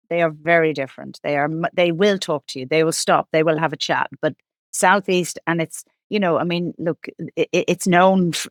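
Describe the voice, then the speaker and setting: A woman's voice: lowish voice, no room sound, clean studio sound. A woman from Ireland, a guest in an interview, telling stories in a chatty way with lots of restarts and laughs. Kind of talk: casual interview chat.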